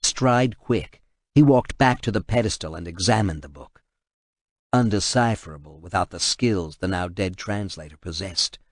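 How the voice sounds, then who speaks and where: A man reading an action novel aloud in steady, measured audiobook narration. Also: low-pitched, no room sound, studio quality.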